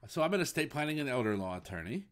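Male podcast host, casual chat, animated pitch and brisk delivery. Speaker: podcast host, estate planning attorney. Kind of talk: casual chat with his daughter.

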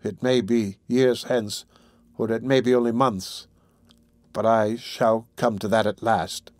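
A man's voice: lowish voice, fairly even intonation, unhurried, darkish tone, no echo, natural voice. A man reading an audiobook, voicing a frightened, desperate young woman with an urgent, pleading delivery. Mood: despairing.

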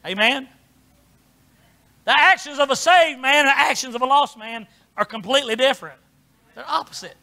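A middle-aged preacher man with a high, bright voice. He talks in a folksy, down-home way, dropping to soft asides and then rising to shouted preaching. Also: moderate pace, gravelly, long pauses. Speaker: pastor. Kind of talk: sermon.

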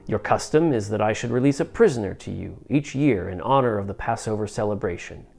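A man's voice: lowish voice, expressive, brisk, vocal fry, a little mellow, faint music behind. A man voicing a stern, impatient Roman governor in a dramatized scripture reading, with raised, insistent questions. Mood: pressing.

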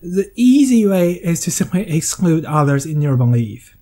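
Man, English speaker, essay narration: mellow, dry humor, hesitant fillers. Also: a little high, big pitch swings, normal speed. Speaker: video essayist. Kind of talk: scripted monologue.

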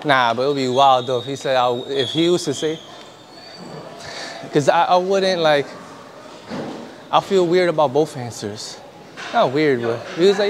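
A man's voice: a little high, measured pace, noisy background. Slangy young man yapping mid-workout. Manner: slangy, profane, storytelling with laughs. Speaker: vlogger. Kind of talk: casual workout vlog chat. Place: gym.

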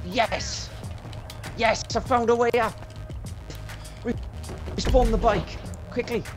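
A man's voice: very high-pitched, slow pace. A young man gaming with a friend, teasing him, swearing and laughing often. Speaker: gaming YouTuber. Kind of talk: gameplay banter. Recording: game music behind.

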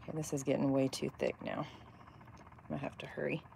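A woman in her thirties from north central Texas, with a softened Texas accent, chatting casually with viewers while she works on epoxy cups. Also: very deep voice, very animated, fast talker, gravelly, slight background noise. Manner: chatty, rambling, reacts to chat comments. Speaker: crafter making epoxy cups. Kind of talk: casual chat while crafting.

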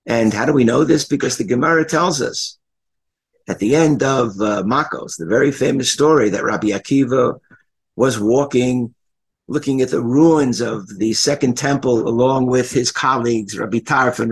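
A man's voice: medium pitch, slightly rough, rough recording. An older man, a rabbi, giving an earnest Torah lecture, retelling stories and repeating key phrases for emphasis.

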